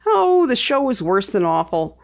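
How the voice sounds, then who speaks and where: A woman voicing a mischievous, teasing teenage daughter in a higher, playful voice. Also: very animated, normal speed, vocal fry, dull audio.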